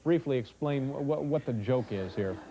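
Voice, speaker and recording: A man hosting a late-night talk show, speaking in a dry, halting way with lots of uh and restarts. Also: medium pitch, lively intonation, dark tone.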